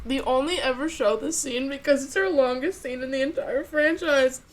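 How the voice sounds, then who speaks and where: A woman's voice: sits high, moderate pace. A woman chatting frankly and animatedly about film clips. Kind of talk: casual chat about clips.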